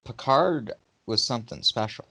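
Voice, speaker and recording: A man's voice: mid-range voice, lively intonation, moderate pace, sharp tone. A man co-hosting a casual chat, talking in a hesitant way with fillers. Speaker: podcast co-host.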